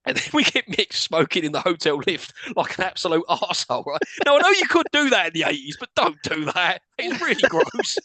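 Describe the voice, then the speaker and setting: A man's voice: high voice, sing-song, a little fast, pushed and bright, dry recording. A man co-hosting a podcast, recapping a film scene by scene with sardonic mock quotes. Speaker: podcast co-host. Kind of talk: casual film review chat.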